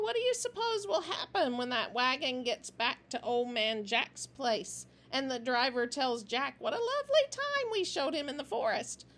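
A woman's voice: high-pitched, fairly bright tone, pitched above the performer's own voice, heavily acted. A woman voicing a sly gang member who needles his leader with a smirk.

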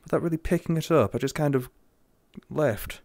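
A young English man commenting jokingly and sarcastically while playing a horror game, getting excited easily. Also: on the high side, moderate pace. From England. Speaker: gamer.

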